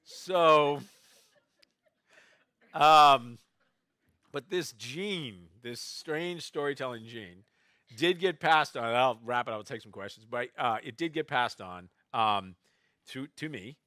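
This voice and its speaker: A man telling family anecdotes to a festival audience, quoting relatives in quick asides. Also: medium pitch, pushed and bright, dry recording, clean studio sound. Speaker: novelist speaking at a festival. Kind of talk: storytelling talk to an audience. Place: festival stage before a live audience.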